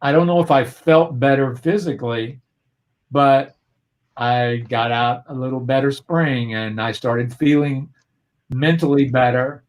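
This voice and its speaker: A man's voice: medium pitch, steady tone, measured pace. Earnest man telling a personal story. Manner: earnest and reflective, with frequent restarts. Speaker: guest. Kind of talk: personal storytelling in a video-call interview. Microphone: video call.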